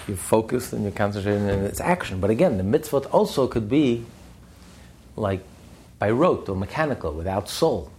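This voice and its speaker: A man teaching a study class with a gravelly, slightly husky voice. His pitch swings widely as he builds each point. He stresses ideas by repeating them. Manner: animated, emphatic, repeats phrases for stress.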